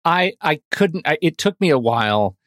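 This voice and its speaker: Podcast co-host, male, halting and thoughtful, dry mic. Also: on the high side, big pitch swings, fairly bright tone, no echo. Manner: halting, many restarts. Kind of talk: casual film discussion.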